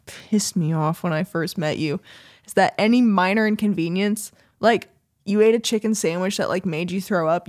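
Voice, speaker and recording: A woman co-hosting a podcast in casual chat, teasing and exasperated in an animated way. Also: medium pitch. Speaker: podcast co-host.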